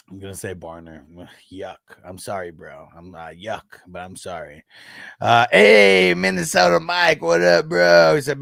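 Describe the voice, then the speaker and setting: A man's voice: lowish voice, a little slow, creaky, long pauses, a bit bright, no room sound, studio quality. A man in his thirties hosting a fantasy football livestream, chatting casually with viewers in a laid-back, slangy way, with frequent swearing and laughter.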